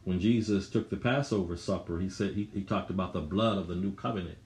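A man's voice: sits low, brisk, darkish tone, roomy sound. A man preaching a sermon, with emphatic, repetitive phrasing that rises for emphasis.

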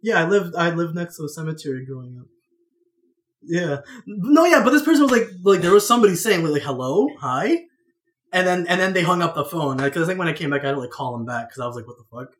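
A man's voice: a little high, expressive, quick pace, a bit bright, roomy sound. A man on a casual podcast chat, telling a story with constant fillers and restarts. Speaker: podcast co-host.

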